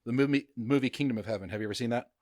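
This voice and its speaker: Male podcast host, mid pitch, dry close-mic sound, chatty and joking, trips on names. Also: racing, darkish tone, dry recording. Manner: chatty, jokey, stumbles over names with frequent fillers. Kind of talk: casual history podcast chat.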